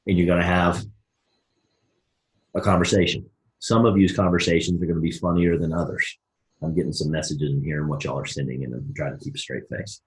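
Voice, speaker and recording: With a very deep voice and a brisk pace, this upbeat man leads his network marketing team through a live coaching call. Folksy and full of energy, he plays both parts in made-up conversations, heard in a roomy, echoing space.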